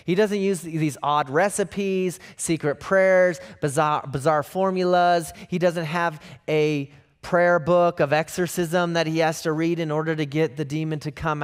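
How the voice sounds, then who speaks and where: A male pastor preaching a sermon emphatically, with rhetorical questions and repeated phrases. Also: high voice.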